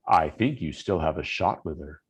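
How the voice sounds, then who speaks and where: A man voicing a sinister disembodied voice that taunts a character from inside his head, slow and low. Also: animated, husky, dull audio, full character voice. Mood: taunting.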